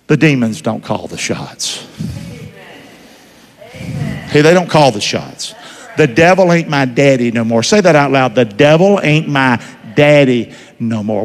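A man preaching a sermon in a church, folksy, quizzing the congregation and swinging between loud and hushed. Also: a little high, sing-song, unhurried, pauses often. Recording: reverberant church hall.

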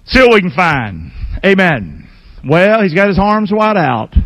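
A man's voice: high-pitched, very animated, a little slow, a bit bright, no room sound, faint music behind. A man in his sixties, a pastor preaching a folksy, emphatic sermon with call-and-response to his congregation.

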